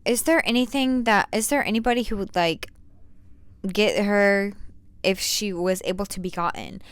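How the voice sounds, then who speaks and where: A woman's voice: mid-range voice, moderate pace, clean tone, no echo, close to an everyday voice. Woman voicing an offhand, slangy female cop. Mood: probing. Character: casual woman police officer.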